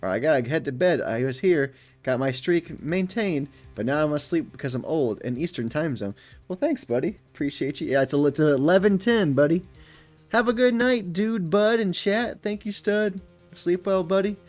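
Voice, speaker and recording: A man's voice: fairly high pitch, expressive, normal speed, soft background music. A man streaming a game live, joking and chatting casually with his viewers.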